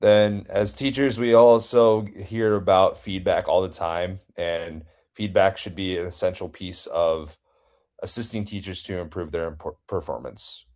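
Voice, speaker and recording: A man student reading a class presentation haltingly, with restarts. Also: deep voice, fairly even intonation, a little mellow.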